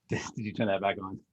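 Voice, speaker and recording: A man's voice: fairly low pitch, husky, highs cut off. A man hosting a podcast, chatting casually in a loose, rambling way with many fillers. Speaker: podcast host. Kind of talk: casual interview chat.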